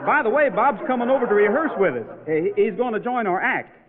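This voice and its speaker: An easygoing cowboy in a 1950s radio comedy, stumbling over a word now and then. His voice is fairly high and moves around a lot. The old broadcast comes through tinny under loud hiss. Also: lively intonation, fairly quick, crowd noise. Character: easygoing good-natured male cowboy singer. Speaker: singing cowboy guest in radio sketch.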